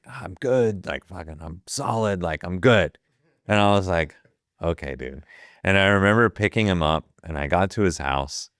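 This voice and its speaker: A man's voice: low-pitched, a bit bright, no room sound, clean studio sound. A man in his fifties from Ohio, a guest telling a story with lots of profanity and acted-out quotes. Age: 50s. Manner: profane, vivid retelling that acts out the quoted dialogue. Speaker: guest, photographer. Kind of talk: casual storytelling.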